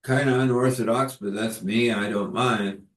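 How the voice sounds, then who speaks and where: A man's voice: medium pitch, steady tone, normal speed, fairly bright tone, natural voice. A man voicing a wry, easygoing former pastor who jokes in a dry way, in a roomy-sounding recording. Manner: dry, joking. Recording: roomy echo.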